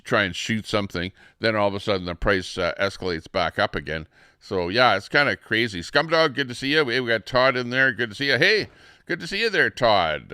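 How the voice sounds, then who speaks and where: A man's voice: fairly low pitch, bright, forceful tone, clear, resonant tone, no room sound, clean studio sound. A man hosting a livestream, rambling through casual commentary with plenty of fillers and restarts. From Canada. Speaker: livestream host. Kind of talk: casual live-stream commentary.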